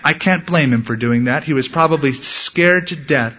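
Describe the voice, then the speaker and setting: Animated preacher man, lo-fi sound. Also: fairly high pitch, normal speed, few pauses. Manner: animated storytelling, shouts acted quotes. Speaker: pastor. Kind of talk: sermon. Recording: dull lo-fi sound.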